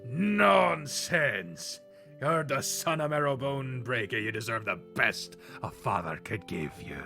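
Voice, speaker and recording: A man's voice: expressive, a little slow, gravelly, faint music behind, exaggerated voice. Hearty big-hearted dad in a game, a man doing the voice, thick accent. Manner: booming, warm, thick put-on accent.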